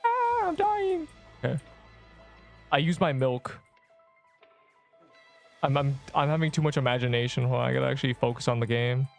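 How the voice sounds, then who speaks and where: A man commentating his gameplay on a livestream, excitable, laughing often and rambling through asides. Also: medium pitch, a little fast, creaky, pauses often, soft background music.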